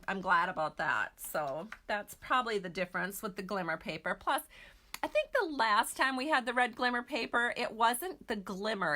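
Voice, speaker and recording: A woman's voice: mid-range voice, sharp tone. A middle-aged woman from Minnesota hosting a casual craft product walkthrough, chatty and gushing, with frequent fillers. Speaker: host.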